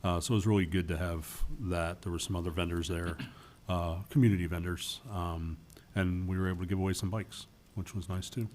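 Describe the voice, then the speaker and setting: Man, councilman, deep voice, friendly, joking, faint background noise. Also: fairly even intonation, fairly quick, darkish tone. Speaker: city council member. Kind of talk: council meeting remarks. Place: council chamber.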